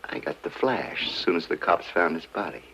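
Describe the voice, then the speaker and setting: A man's voice: sits low, lively intonation, moderate pace, a bit bright, breathy edge, full character voice. An actor playing a nervous male small-time crook in a 1940s film, jumpy and defensive. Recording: muffled old film soundtrack with music.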